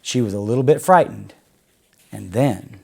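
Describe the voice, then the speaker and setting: A man reading a children's story aloud in a gentle, expressive storytelling way. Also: fairly low pitch, normal speed, gravelly, husky.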